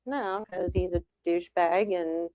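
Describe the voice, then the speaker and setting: A female podcast co-host in casual conversation, adding short replies and agreement to her partner's story. Her voice comes through a dull, lo-fi recording with the highs rolled off. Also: steady tone, a little slow, no echo. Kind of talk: casual chat.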